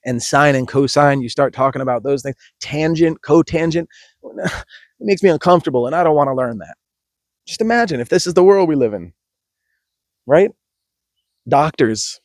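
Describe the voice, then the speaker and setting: A man's voice: a little high, animated, normal speed, pauses often, no room sound, studio quality. A man, a yoga teacher, giving an emphatic, passionate podcast monologue with frequent restarts.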